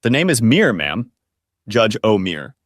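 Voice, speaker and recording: A man voicing a calm, kindly cowboy spirit from the old West, talking in a folksy Texas accent. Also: fairly low pitch, measured pace, no echo, studio quality. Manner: folksy, drawling, reassuring.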